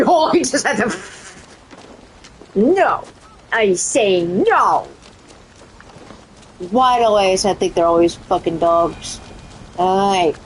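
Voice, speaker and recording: A woman streaming a video game, swearing casually and talking to the characters, her voice cracking and squeaking. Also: slow, pauses often, slight background noise. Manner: profane, excitable, talks to the game characters. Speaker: gaming streamer. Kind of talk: casual let's-play commentary.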